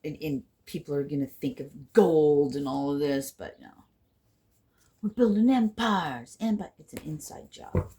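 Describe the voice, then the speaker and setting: Casual woman card reader with a lowish voice. Rambling and profane, swinging from loud to hushed. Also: measured pace. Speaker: intuitive card reader and healer. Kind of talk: casual spiritual card reading to camera.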